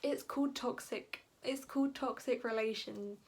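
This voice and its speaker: A woman with a fairly high voice rants casually about books she disliked. She is animated and exasperated, and "like" keeps cropping up in her talk. Her delivery is that of an informal book vlog. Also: normal speed, slightly rough. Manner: animated and exasperated, heavy use of "like". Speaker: book vlogger. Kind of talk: casual ranting book review.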